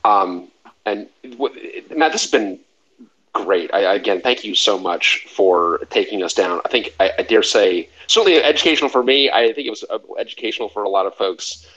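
Lively, exclaiming man hosting a chat. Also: fairly low pitch, normal speed, lo-fi sound. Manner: enthusiastic, exclamatory, stammering restarts. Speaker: host. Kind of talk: casual chat.

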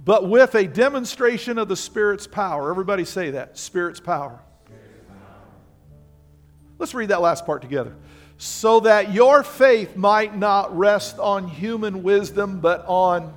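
An older man preaching in a church sanctuary, his fairly high voice rising and falling as he talks to the congregation and asks them to answer back. Soft instrumental music plays faintly underneath. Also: unhurried. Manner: animated, conversational preaching with call-and-response. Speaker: pastor. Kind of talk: sermon.

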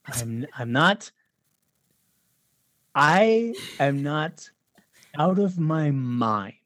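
A man's voice: fairly high pitch, animated, drawn-out words, fairly bright tone, no room sound, studio quality. A man in his forties, a guest filmmaker on a casual podcast chat, telling stories with animation, acting out quotes and laughing often. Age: 40s.

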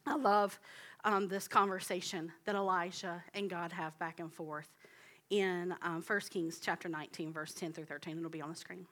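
Bright-voiced young woman preaching earnestly. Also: on the low side, steady tone, moderate pace. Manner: earnest, heartfelt, with soft hushed asides. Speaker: guest speaker at church. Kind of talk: sermon. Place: church sanctuary.

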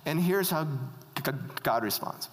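Preacher, relaxed sermon, animated pitch, long hall reverb. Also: unhurried. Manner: conversational, keeps asking the audience questions. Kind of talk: casual sermon.

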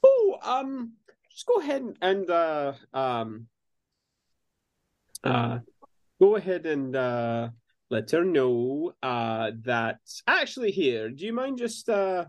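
Slow, hesitant man with a very lively pitch. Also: no room sound, lo-fi sound. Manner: hesitant, lots of fillers. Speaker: player. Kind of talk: in-character tabletop roleplay.

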